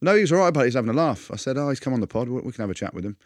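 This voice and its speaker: A man co-hosting a podcast, swapping stories in loose, joking banter. He acts out the people in his anecdotes with quick shifts of voice. His voice sits at an ordinary middle pitch, and the room sounds dry. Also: big pitch swings, no room sound. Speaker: podcast co-host. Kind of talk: casual banter, storytelling.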